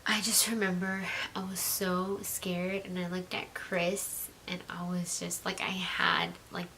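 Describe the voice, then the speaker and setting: A young woman telling a personal story in a chatty vlog style, full of "like" fillers and slipping into a soft whisper. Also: lowish voice, slight background noise. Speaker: vlogger.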